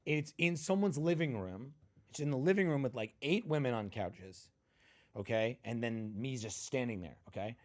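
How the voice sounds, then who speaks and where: A man tells comedy stories as a guest, in a voice of middling pitch. He is punchy and animated, and he acts out the people in his stories with big leaps in pitch. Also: moderate pace. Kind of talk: animated storytelling chat.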